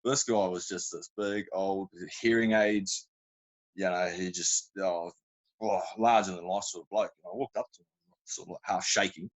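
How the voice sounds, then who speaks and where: Laid-back New Zealand man, low voice. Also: steady tone, normal speed, rough recording. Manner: rambling, self-interrupting anecdotes with colloquial slang. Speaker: podcast guest. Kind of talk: casual storytelling chat.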